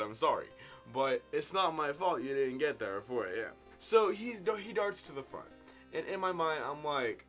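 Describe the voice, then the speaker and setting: A man in his twenties tells a casual story-time tale to his viewers, with big swings in loudness and pitch. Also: lively intonation, moderate pace, faint music behind. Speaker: vlogger telling a story. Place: indoor room at home.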